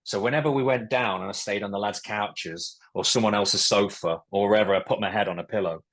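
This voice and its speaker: Husky-voiced guy in his forties, low-ish voice, chatty and blunt, swears a lot. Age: 40s. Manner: candid, swears freely, lively storytelling. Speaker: podcast guest, musician and ex-footballer. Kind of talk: casual chat.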